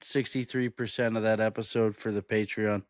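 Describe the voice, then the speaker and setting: A man's voice: on the low side, little pitch movement, moderate pace, dry recording. Dry-witted man with wry asides. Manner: wry interjections and mock-formal asides. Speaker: comedian podcast co-host. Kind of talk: casual chat.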